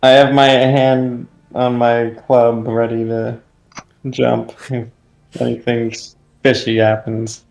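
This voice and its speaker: A man plays a tabletop game, speaking in a hesitant, earnest way. He talks slowly in an ordinary mid-range voice. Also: mid-range voice, level tone, vocal fry, a little mellow, poor audio. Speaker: player.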